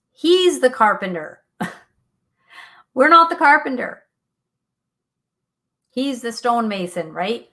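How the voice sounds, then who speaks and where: Woman, middle-aged, faith talk radio host, earnest, lively pitch swings, laughs often. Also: slow, long pauses. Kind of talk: faith talk show, reading listener comments.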